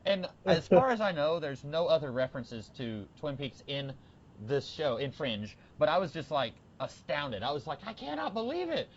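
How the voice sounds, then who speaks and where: A man co-hosting a podcast, chatting casually about a TV episode with lots of fillers and bursts of excitement. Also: on the high side, normal speed, dull audio, a little hiss or hum. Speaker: podcast co-host. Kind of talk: casual TV discussion.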